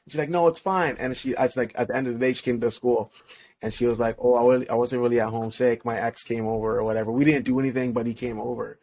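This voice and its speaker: The speaker is a young podcast guest who works as a relationship coach; he talks fast in a medium-pitched, slightly mellow voice with fairly even intonation. Recounting a personal story, he uses casual slang, laughs a lot and keeps restarting sentences.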